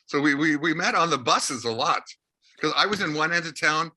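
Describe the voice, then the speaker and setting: A man, telling anecdotes in a lively way as an interview guest and acting out the dialogue. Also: fairly high pitch, normal speed, breathy edge. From Canada, Winnipeg. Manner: lively anecdotal storyteller who acts out dialogue. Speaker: interview guest, rock musician. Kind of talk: casual storytelling interview.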